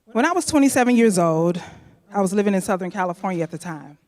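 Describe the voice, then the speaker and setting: A woman's voice: mid-range voice, expressive, quick pace, darkish tone. A woman from St. Louis telling a personal story live, chatting straight to the audience. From St. Louis, USA. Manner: chatty, addresses the audience directly. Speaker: storyteller, speaker. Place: event venue stage. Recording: long hall reverb.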